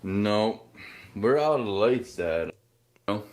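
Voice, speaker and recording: A man's voice: fairly low pitch, animated, slow, darkish tone. Rambling, profane male livestreamer from Canada. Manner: rambling, profane, conspiratorial, says man a lot.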